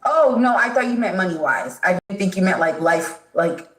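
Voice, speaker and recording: A woman with a lowish voice answers interview questions, explaining herself hesitantly and leaning on fillers. Her voice rings in an echoey room. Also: expressive, normal speed. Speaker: interview guest. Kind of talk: conversational interview. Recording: echoey room in a played clip.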